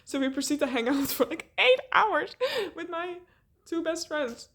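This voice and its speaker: A young woman telling a rambling, animated story in a casual vlog, laughing often and swearing. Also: high-pitched, a little slow.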